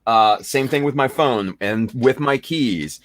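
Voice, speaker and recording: A man hosting a casual chat, talking in a rambling, halting way with many fillers. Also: medium pitch, no echo. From United States. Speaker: podcast host.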